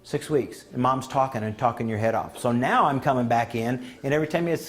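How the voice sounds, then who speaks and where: Brisk and rarely pausing, a medium-pitched man gives a storytelling talk in a conference room. He shares homespun anecdotes, voicing the quotes of the people involved.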